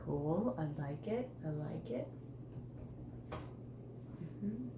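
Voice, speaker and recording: Woman, teacher, one-on-one writing feedback, patient and encouraging, lively intonation, echoey room. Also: low voice, drawn-out words, background noise. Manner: encouraging, patient, coaxing questions. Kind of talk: one-on-one writing conference with a student. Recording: roomy echo.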